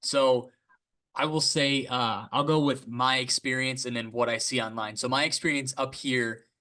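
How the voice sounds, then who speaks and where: Laid-back fishing podcast host, average pitched guy, casual talk. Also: fairly even intonation, normal speed, bright, forceful tone. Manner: easygoing, searches for words. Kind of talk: casual interview chat.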